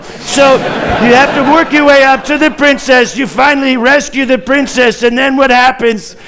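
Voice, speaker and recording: A man doing a stand-up comedy impression of a blustering, rambling older male president who boasts and raises his voice into near-shouts. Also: extremely high pitch.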